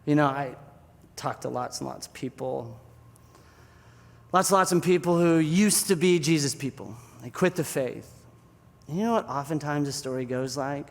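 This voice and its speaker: A pastor giving a sermon, telling a story in an animated, conversational way. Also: male voice, on the high side, normal speed, gravelly, long pauses, in a large hall.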